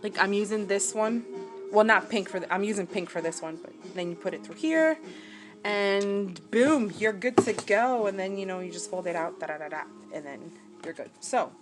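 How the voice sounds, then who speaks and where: A woman's voice: medium pitch, moderate pace. Chatty self-mocking woman sewing. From New Jersey, USA. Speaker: crafting vlogger. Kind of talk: casual chat while sewing. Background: background music.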